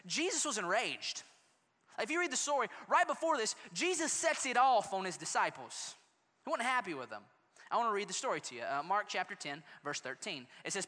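A pastor delivers a sermon with animated storytelling, dropping soft and then rising loud. The voice is bright and forceful, and it carries a long hall reverb from the sanctuary. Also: medium pitch.

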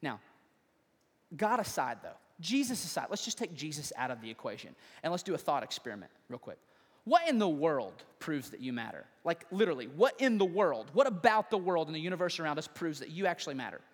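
A man pastor preaching a sermon, building from quiet questions to rising appeals. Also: fairly high pitch, sing-song, brisk, long reverb tail. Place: church sanctuary.

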